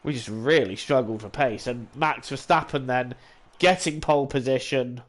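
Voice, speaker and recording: Faint game music accompanies a gaming channel host as he plays a racing game and talks to himself, berating his own driving with exasperated outbursts. He has a medium pitch and a moderate pace.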